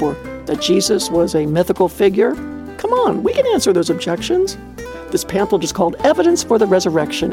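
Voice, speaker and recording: Woman doing a heartfelt radio devotional, warm mellow tone, lots of ups and downs, exclaims a lot. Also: medium pitch, creaky, breathy edge, dry recording. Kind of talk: devotional radio talk with a story.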